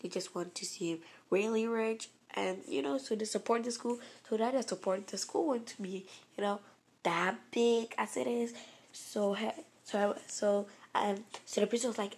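A woman with a gravelly, husky voice tells a dramatic personal story, animated and rambling, circling back with fillers and restarts. Her pitch sits in a middling range. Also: moderate pace.

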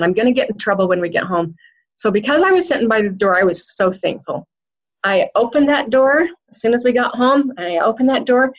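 Middle-aged woman guest, earnest storyteller, muffled lo-fi sound, mid pitch. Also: a bit bright. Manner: earnest, gets emotional. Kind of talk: personal storytelling.

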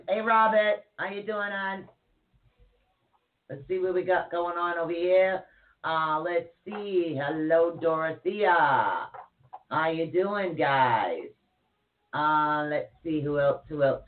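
A chatty woman co-host who rambles and jokes through a casual livestream chat. Her voice comes through narrow and tinny, like a phone line. She greets people warmly by name as she talks. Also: sits low, animated, measured pace.

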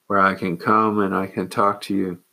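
Devout grateful woman in prayer, recited by a man; low, level voice, unhurried and soft. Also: flat delivery, vocal fry, exaggerated voice. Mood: reverent. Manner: slow, reverent, soft. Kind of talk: quoted prayer.

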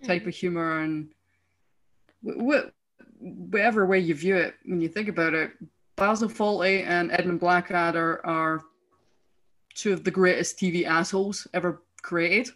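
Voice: medium pitch, fairly even intonation, normal speed, a bit bright. A young adult speaker from Scotland with a Scottish accent, chatting casually on a podcast and rambling animatedly with frequent restarts. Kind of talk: casual chat.

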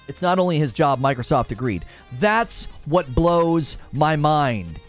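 A fairly high-voiced male streamer delivers heated gaming commentary. His pitch swings widely as he argues, turning sarcastic and mocking. Soft music plays faintly behind him. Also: unhurried, hardly any pauses. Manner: animated, sarcastic, mocks viewers in put-on voices.

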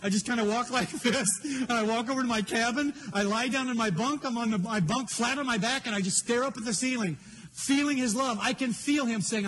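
Older man, pastor, sermon, high-pitched, earnest, emotional. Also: brisk, a bit bright, a little hiss or hum.

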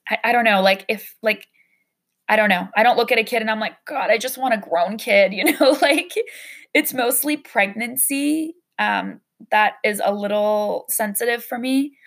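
Candid young woman with a gravelly voice. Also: a little high, normal speed, a bit bright. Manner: candid, emotional, with frequent fillers and swearing. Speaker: podcast host. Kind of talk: personal storytelling monologue.

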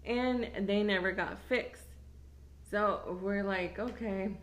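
A woman telling a funny story in a casual chat, animated, laughing often and swearing freely. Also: mid-range voice, slow.

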